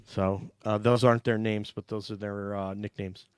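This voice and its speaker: A man's voice: lowish voice, flat delivery, moderate pace, smooth, dry recording, studio quality. A man hosting a casual livestream panel, reading out viewer donations in a chatty, joking way. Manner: chatty, jokey, thanks viewers warmly. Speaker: host reading super chats.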